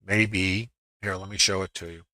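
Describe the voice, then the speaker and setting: A man's voice: low-pitched, fairly even intonation, normal speed, bright, forceful tone, no room sound. A middle-aged man on a live stream, walking through his trades on screen and thinking aloud, quoting his own inner voice as he goes. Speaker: trading educator on a live stream. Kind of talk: live screen-share trading review.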